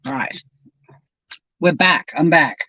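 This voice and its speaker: A man's voice: a little high, slow pace, sharp tone, a little hiss or hum. Chatty man eating on a live-stream. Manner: chatty and rambling, talking with mouth full. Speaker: YouTube channel host. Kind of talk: casual live-stream chat while eating. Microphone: home live-stream camera mic. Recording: dull, dry lo-fi live-stream audio.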